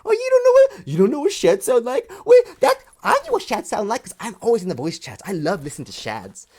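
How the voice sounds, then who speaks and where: A man's voice: extremely high pitch, huge pitch swings, fairly quick, darkish tone, breathy edge, pitched above the performer's own voice, exaggerated voice. A man voicing a giddy teenage boy fan who gushes in a mocking way. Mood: mocking swoon. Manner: mocking, gushing.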